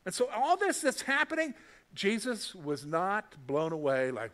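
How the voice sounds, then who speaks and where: A man preaching a sermon in a fairly high voice. He talks to the congregation in a conversational, emphatic way, and his voice rises and swells on key points. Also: wildly swooping pitch, a bit bright. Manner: reads scripture aloud in a measured voice. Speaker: pastor.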